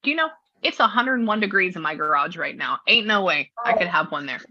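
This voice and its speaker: A woman's voice: lowish voice, sing-song, fast, pushed and bright, lo-fi sound. A woman with a Southern US accent, a psychic medium chatting through a video session in a rambling way, full of filler words. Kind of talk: casual chat on a video session. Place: her new studio. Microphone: video call.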